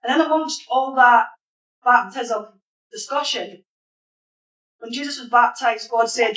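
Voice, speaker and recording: Scottish woman minister, higher voice, relaxed chatty sermon, echoey hall with a dull sound. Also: a little slow, long pauses. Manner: chatty, asks the congregation questions. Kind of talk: informal sermon to a congregation. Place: church hall.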